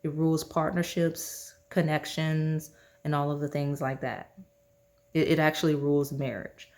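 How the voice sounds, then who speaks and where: A woman's voice: low voice, steady tone, moderate pace, a little mellow. A woman giving a casual pick-a-card tarot reading, chatty and rambling with many fillers and restarts. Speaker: tarot reader.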